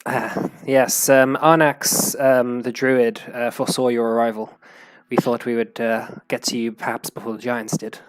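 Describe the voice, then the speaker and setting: A man's voice: medium pitch, level tone, clear, resonant tone, no room sound, faint music behind, close to an everyday voice, low-quality recording. A man voicing a stern goliath warrior woman. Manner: measured, hesitant, halting with fillers. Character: stern female goliath warrior, sister of a player's character.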